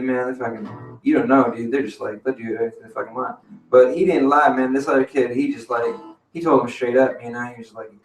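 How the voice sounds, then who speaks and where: Guy rambling thru a crazy story at an open mic, swears a lot, says man and dude nonstop, roomy cafe sound. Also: medium pitch. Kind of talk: casual spoken storytelling. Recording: roomy venue audio from a distance.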